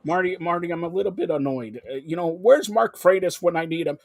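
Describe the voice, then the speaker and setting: A man hosting a live broadcast, talking in an excitable, rambling way that jumps between topics. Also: on the high side, a little fast, gravelly, hardly any pauses, no room sound, studio quality. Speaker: host. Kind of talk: live call-in broadcast chat.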